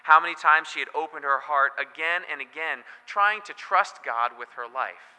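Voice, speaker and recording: A man's voice: on the high side, normal speed, sharp tone. A man as pastor preaching a sermon in a church, telling the story in a conversational way with joking asides. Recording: long hall reverb.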